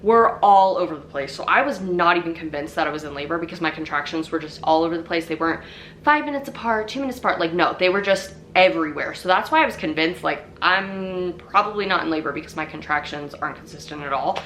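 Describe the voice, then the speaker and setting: A young woman talks straight to her audience in a chatty, rambling way, scattering fillers as she goes. Her voice sits a little low and has a bright, forceful edge, with a faint hiss of noise underneath. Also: animated, fast. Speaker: vlogger telling her birth story. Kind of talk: casual storytelling to camera.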